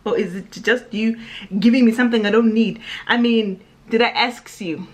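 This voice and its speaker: A woman's voice: a little high, moderate pace. A woman talking straight to camera in a casual vlog, sassy and emphatic, stacking up repeated phrases. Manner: sassy and emphatic, lively repetitions. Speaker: vlogger.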